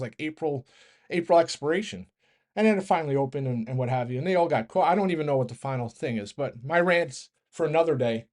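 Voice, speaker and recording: A man's voice: on the high side, darkish tone. A man hosting a stock market show, delivering a casual, rambling rant, often correcting himself and laughing. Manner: rambling, self-correcting, fast train of thought.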